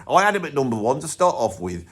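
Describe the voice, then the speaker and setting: A man's voice: medium pitch, big pitch swings, fast talker, breathy edge. A man playing a grumpy older man from Birmingham with a Birmingham accent, ranting bluntly and swearing in a comic monologue. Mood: grumbling rant. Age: 70s. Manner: blunt, grumbling, swears constantly. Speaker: comic character.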